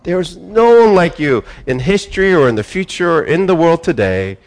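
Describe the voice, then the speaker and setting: A man's voice: on the high side, sing-song. Man preaching with sweeping emphasis. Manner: emphatic preaching, rising and falling with pauses; repeats words and restarts phrases. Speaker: pastor. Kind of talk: sermon.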